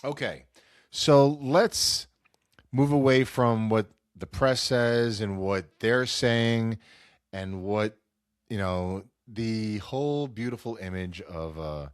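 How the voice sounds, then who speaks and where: A man's voice: fairly low pitch, takes it slowly, clean tone, no echo, studio quality. A man hosting a casual sports talk show, sounding nasal and stuffed up from a cold, rambling and cutting himself off. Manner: rambling, self-interrupting, acts out quotes. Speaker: sports podcast host.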